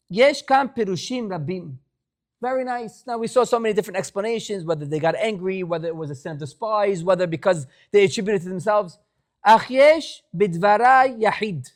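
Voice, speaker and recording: A man, a rabbi, giving a passionate Torah class in English with Hebrew phrases, pleading and exhorting. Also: high voice. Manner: impassioned, pleading, rising to exhortation.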